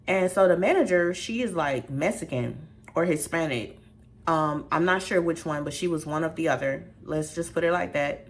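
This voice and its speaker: A young adult woman telling a story in a chatty, animated way, with dramatic asides to her viewers. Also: sits low, normal speed. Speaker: vlogger. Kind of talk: storytime vlog.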